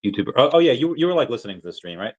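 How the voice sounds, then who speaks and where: A man's voice: medium pitch, very animated, very fast. A man hosting a casual chat, rambling and often repeating words. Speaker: host. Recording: dull lo-fi sound.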